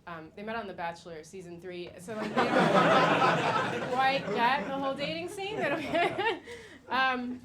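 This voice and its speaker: Stand-up comic, American woman, 30s; chatty, laughs at her own lines; slightly high voice, noisy stage tape. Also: expressive, unhurried, a loud crowd. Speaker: stand-up comedian. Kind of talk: stand-up comedy set. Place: comedy stage. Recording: noisy live stage recording.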